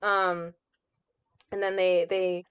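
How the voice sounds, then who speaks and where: A woman's voice: lowish voice, level tone, takes it slowly, smooth, no echo, phone-quality sound. A woman co-hosting a podcast, casually retelling a movie with lots of fillers and acted-out quotes. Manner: chatty, many fillers, acts out quoted lines. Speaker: podcast co-host. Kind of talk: casual chat, recapping a movie.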